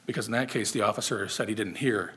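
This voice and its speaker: A man argues a case before appellate judges, earnest and a little halting, often repeating himself mid-sentence. His voice sits somewhat low and has a husky edge. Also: a bit bright. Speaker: state's attorney. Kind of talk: appellate oral argument.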